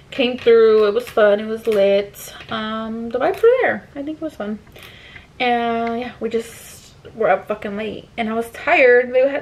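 Young woman, casual vlog chat, slangy and loose with swearing, slightly high voice, handheld camera. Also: reverberant, a little hiss or hum, rough recording. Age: 20s. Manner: loose, slangy, swearing freely, talks to viewers as y'all. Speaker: vlogger. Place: at home and around a college campus.

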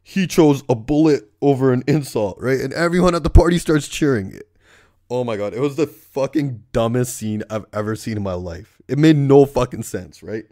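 A man's voice: mid-range voice, lively intonation, normal speed, a little mellow, dry recording, clean studio sound. A young man from Surrey, British Columbia, doing a profane comedic rant as a movie reviewer. He keeps tagging his sentences with "right?".

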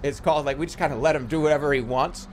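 A man's voice: fairly high pitch, steady tone, rapid-fire, a little hiss or hum, lightly acted. A man putting on the voice of a breezy, permissive parent explaining their hands-off parenting. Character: laid-back permissive parent explaining child-rearing.

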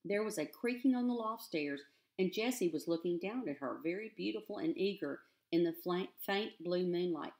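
A woman teacher reads a children's novel aloud with expressive, steady storytelling. Her voice sits a bit low for a woman. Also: moderate pace.

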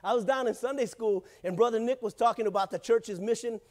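A man's voice: very high voice, fairly quick, a little mellow. A male pastor preaching a sermon in church, in a casual, joking way, often calling out to the congregation.

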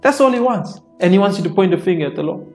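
A preacher with a high, animated voice moves at a quick pace through his sermon, soft worship music playing underneath. He reads out scripture, breaks it down in plain terms, and leans on repeated phrases to stress his points.

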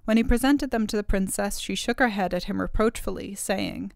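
Smooth-voiced woman reading a fairy tale. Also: mid-range voice, no room sound, studio quality. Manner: measured, expressive. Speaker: storyteller.

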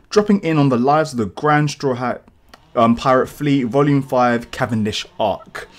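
A man hosting a live manga reaction, excitable and rambling with casual swearing, feeling a bit sick and clearing his throat. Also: mid-range voice, moderate pace. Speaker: channel host.

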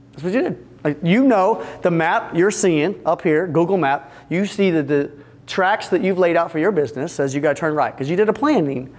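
A man with a notably high-pitched voice gives an energetic business seminar to a live audience. He jokes with the room, talks to people directly and slips into small acted-out exchanges. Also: moderate pace. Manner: energetic, joking, addresses the audience directly and acts out little scenes. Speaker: seminar speaker for fence company owners.

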